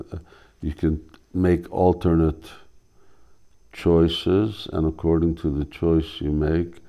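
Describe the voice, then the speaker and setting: A man, a spiritual teacher, reading a drama aloud and explaining it, halting as he searches for words. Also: very deep voice, warm tone.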